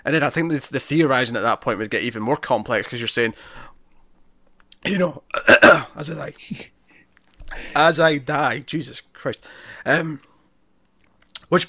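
A man co-hosting a casual podcast, chatting through a film review with lots of restarts and animated emphasis. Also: mid-range voice, moderate pace, dry recording, clean studio sound. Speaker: podcast co-host.

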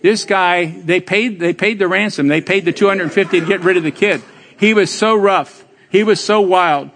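An older man, a pastor, preaching a sermon with lively storytelling, teasing his congregation and building to emphatic exclamations. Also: high-pitched, normal speed, a little hiss or hum. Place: church sanctuary. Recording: long hall reverb.

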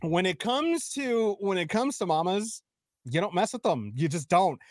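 Brief: high-voiced, animated male co-host, emphatic chat, dry close mic. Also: moderate pace, dry recording. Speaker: podcast co-host. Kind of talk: casual chat.

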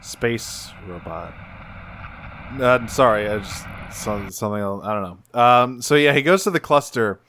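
A man's voice: medium pitch, animated, measured pace, fairly bright tone. A man casually recapping a cartoon episode on a podcast, rambling and swearing as he acts out bits. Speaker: podcast co-host.

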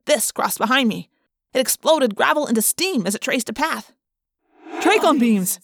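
Expressive woman reading a storybook aloud. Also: high voice, moderate pace, creaky, slight background noise. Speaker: audiobook narrator. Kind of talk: first-person storybook narration.

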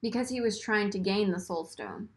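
A woman talks in a loose, excitable way, piling up fillers as she recounts scenes. Her voice sits in an ordinary middle pitch. She sounds like she is hanging out at home. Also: normal speed, slight background noise. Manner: rambling, excitable, lots of fillers and laughs. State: burping after beer. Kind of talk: casual chat.

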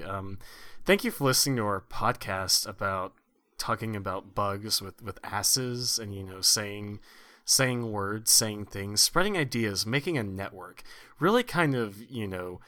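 A man co-hosting a casual comedy podcast with a lower voice that still rings bright and sharp. He rambles in a mock-sincere, earnest way. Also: unhurried. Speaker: podcast co-host.

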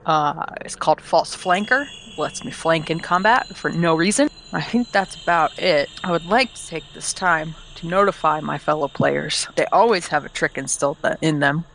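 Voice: medium pitch, normal speed, vocal fry, hardly any pauses, fairly bright tone, slight background noise, rough recording. A tabletop game player listing new spells and tricks in a matter-of-fact, playful way. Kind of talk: casual tabletop game chat.

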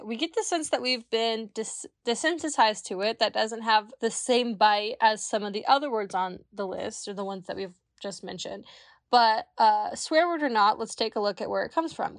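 Casting: giggly woman co-host from Kansas, higher voice, dry close mic, swears freely. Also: normal speed, dry recording. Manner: giggly, swears freely, stumbles over words. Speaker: podcast co-host. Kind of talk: casual chat, reading etymology notes.

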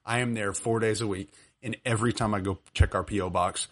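A man in his twenties, co-hosting a podcast over a video call, telling an animated story and laughing often. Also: on the low side, brisk. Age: 20s. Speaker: podcast co-host. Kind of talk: casual storytelling chat.

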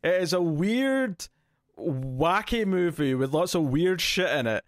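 A man's voice: on the high side, animated, slow, no echo, studio quality. A man co-hosting a movie podcast, chatting casually and animatedly, laughing often and restarting his sentences. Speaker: podcast co-host. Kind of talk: casual movie review chat.

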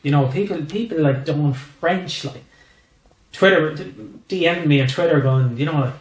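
An Irish man in a casual interview chat, swearing freely and telling animated stories. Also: a little high, moderate pace, roomy sound, rough recording. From Ireland. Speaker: guest comedian.

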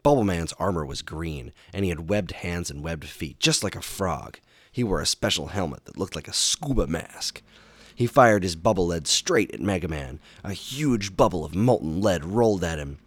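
A man reading a children's action storybook aloud in a steady, expressive way. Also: low-pitched, moderate pace, no echo. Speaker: narrator.

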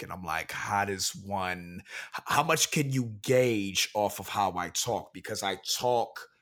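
A man's voice: low-pitched, measured pace, fairly bright tone. Young guy cohosting a podcast, earnest, kinda frustrated, talks proper. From Pennsylvania, USA. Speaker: podcast co-host. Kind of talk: casual podcast chat.

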